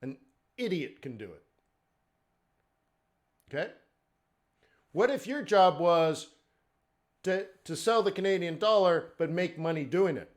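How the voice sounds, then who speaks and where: A man's voice: sits high, expressive, a little slow, long pauses. A man teaching forex trading in a live webinar, talking conversationally and checking in with "okay?" and "right?". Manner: conversational, rhetorical questions, frequent "okay?" and "right?".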